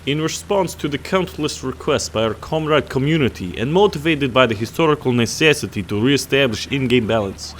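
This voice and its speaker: Give me a hammy mock-Russian male announcer with a put-on rasp, as a man hams it up, over a faint hum of engines. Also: medium pitch, expressive, a bit bright, natural voice. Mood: mock-grand. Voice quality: hammy, deliberately bad accent with added throat rasp.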